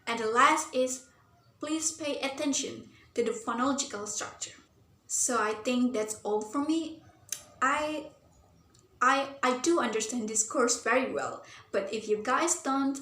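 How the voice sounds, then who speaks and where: A young woman with a somewhat high voice walks through a class topic as a student presenter. She sounds earnest and thinks aloud, often pausing on "um" and "like". The room carries a noticeable echo. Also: bright, forceful tone. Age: young adult. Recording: roomy echo.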